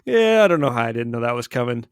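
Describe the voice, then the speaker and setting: Lively, laughing podcast co-host man. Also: mid-range voice, fast, smooth, no echo, studio quality. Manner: reminiscing, laughs often, acts out quotes loudly. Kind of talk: casual chat.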